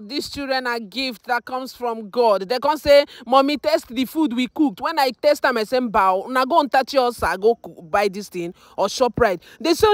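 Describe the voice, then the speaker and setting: A Nigerian woman tells the story in a high voice that keeps breaking into exclamations. The sound is dry and close, with no room around it. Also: animated, normal speed, hardly any pauses, no echo. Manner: exclaiming, mixes Pidgin into English. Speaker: mother narrating her birthday. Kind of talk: emotional voice-over narration.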